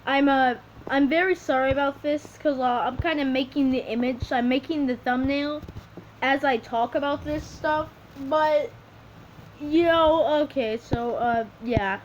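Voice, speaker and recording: A woman making up a story as she draws, rambling and halting, with many restarts. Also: high-pitched. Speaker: video creator. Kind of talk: improvised storytelling while drawing. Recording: dull lo-fi recording with faint hiss.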